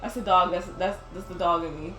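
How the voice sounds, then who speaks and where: A woman's voice: on the low side, fairly even intonation, a little fast, pushed and bright. A young woman chatting while she plays a video game, rambling and laughing, with a lot of "like". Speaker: gaming video host. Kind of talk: casual chat while playing a game. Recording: roomy sound with game music behind.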